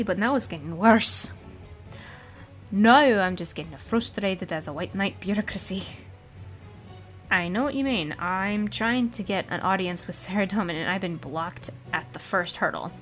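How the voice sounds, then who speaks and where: A woman's voice: mid-range voice, lively intonation, normal speed, fairly bright tone, faint music behind, lightly acted. Woman voicing an earnest, urgent knight.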